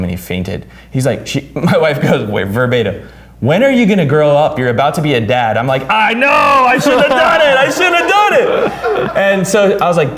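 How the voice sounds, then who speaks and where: Male podcast host, mid-range voice, lively storyteller who swears and acts out the quotes. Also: mid-range voice. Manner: animated, swears freely, acts out quotes loudly. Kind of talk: casual storytelling chat.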